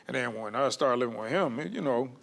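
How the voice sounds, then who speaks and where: A man's voice: mid-range voice, animated, brisk, vocal fry, a bit bright. A man who is a comedian, telling a personal story in a loose, conversational way as a guest. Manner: loose, conversational, lots of "you know what I'm saying".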